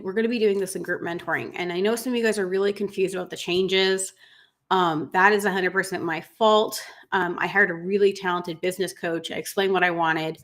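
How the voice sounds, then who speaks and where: A woman hosts a casual livestream as a business coach for pet groomers. Her voice sits slightly low. She talks in an emotional, rambling way, full of fillers and restarts. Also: fairly bright tone. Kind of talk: casual livestream chat reading viewer comments.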